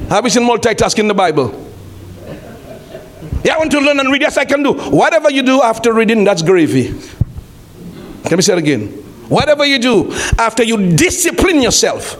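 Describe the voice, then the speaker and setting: A man in the pulpit, preaching with a voice that sits high for a man. He repeats his phrases, throws questions to the congregation and climbs into shouts. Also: big pitch swings, brisk, pauses often. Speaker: pastor. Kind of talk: sermon. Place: church.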